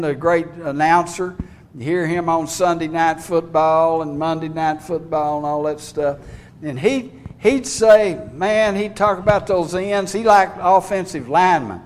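A man preaching a sermon in a folksy way, reading scripture and building to fervent, loud passages. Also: sits high. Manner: folksy, rising to fervent shouts when preaching.

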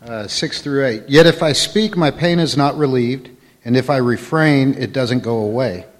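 A man's voice: medium pitch, moderate pace. Man reading scripture in an echoing hall. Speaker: volunteer scripture reader. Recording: long hall reverb.

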